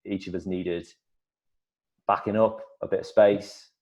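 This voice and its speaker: Speaking casually as an actor in an interview, a man from northeast England talks in a very low, darkish voice with little pitch movement and no hurry. He thinks aloud in a thoughtful, rambling way, circling back, restarting sentences and acting out quotes.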